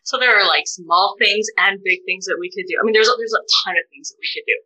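A woman being interviewed, a therapist and doctoral researcher, speaking in an animated, unscripted way with many fillers and restarts. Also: mid-range voice, quick pace, low-quality recording. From United States. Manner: animated, many fillers and restarts, voice rises sharply when quoting others. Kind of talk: emotional conversational interview.

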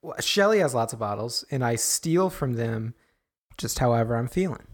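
A man's voice: mid-range voice, expressive, moderate pace. A man co-hosting a podcast in casual chat, hesitant and amused, with many fillers.

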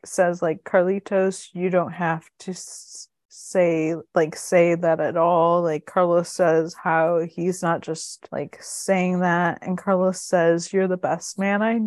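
A woman's voice: lowish voice, flat delivery, slow, few pauses, a little mellow, no room sound, studio quality. A woman co-hosting a casual podcast, retelling a TV episode scene by scene with lots of fillers and emotion. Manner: gushing, recounts scenes with many "like" fillers. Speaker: podcast co-host. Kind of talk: casual chat recapping a TV episode.

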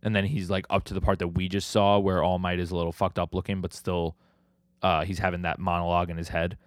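A man's voice: low-pitched, level tone, quick pace, no room sound. A man hosting a podcast, recapping comic chapters in a casual, rambling way, full of "like" and casual swearing. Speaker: podcast host.

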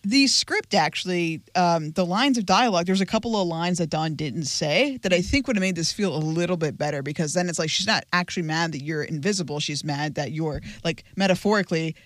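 A man's voice: a little high, fairly quick, few pauses, a bit bright, dry recording. A man hosting a casual podcast chat, asking questions and swearing casually. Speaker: podcast host.

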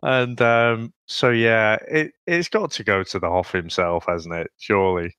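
A man's voice: lowish voice, unhurried, fairly bright tone, clean tone, dry recording. A man from the UK co-hosting a podcast, telling stories casually and laughing. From United Kingdom. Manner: laughing, storytelling, restarts. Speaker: podcast co-host. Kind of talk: casual chat.

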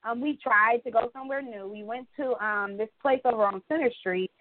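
A young woman co-hosting a podcast, telling stories in a casual, animated way with plenty of swearing and acted-out quotes. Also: on the high side, brisk, dry recording. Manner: animated storytelling, swears freely, acts out quotes. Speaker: podcast co-host. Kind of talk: casual chat. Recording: dry, phone-like sound.

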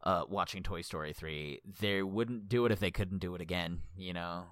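A relaxed man on a podcast as a guest, speaking with a low voice and filling his pauses with hesitant fillers. The recording is dry and close. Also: no room sound. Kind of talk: casual chat.

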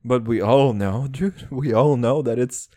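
A man's voice: medium pitch, unhurried, mellow, no room sound. A young man with an accent between Eastern European and American, hosting a casual solo podcast in a rambling, profane, self-mocking way. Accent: mixed Eastern European and American. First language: Serbian or Turkish. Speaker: podcast host.

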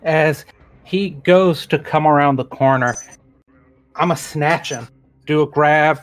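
A man playing a tabletop game, relaxed and laughing often. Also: fairly high pitch, slow. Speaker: player. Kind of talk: casual tabletop play.

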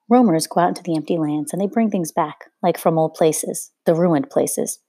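A calm, matter-of-fact woman doctor explains things in a plain tone in a storybook reading, as a woman voices her. The voice is low, dark and husky. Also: moderate pace, no echo, clean studio sound. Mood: explaining.

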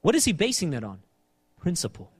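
High-pitched guy preaching, animated, repeats himself a lot, long echo like a big church hall. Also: fairly quick, husky. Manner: animated, repeats phrases and acts out scripture quotes. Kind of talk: sermon.

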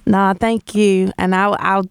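A woman hosting a radio call-in show, casual and quick to laugh. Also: mid-range voice, gravelly, clean tone, no echo, clean studio sound. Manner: laughs easily, relaxed and casual. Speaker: host.

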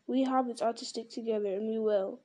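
Casting: a cheeky, bold young hobbit, read by a woman in a storybook, mellow and a bit high. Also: steady tone, brisk, natural voice.

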